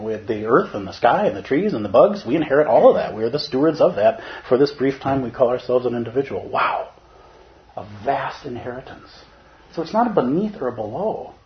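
A man giving a Zen dharma talk in an animated, playful way, at times putting on other voices. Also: mid-range voice, muffled recording. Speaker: Zen teacher.

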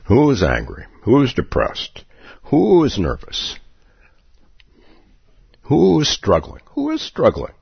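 At a retreat, a Zen meditation teacher gives a dharma talk in a medium-pitched voice that swoops wildly, slow and breathy-edged with vocal fry and frequent pauses. He's playful, chuckles often and repeats his questions. The recording is dry, dull and lo-fi.

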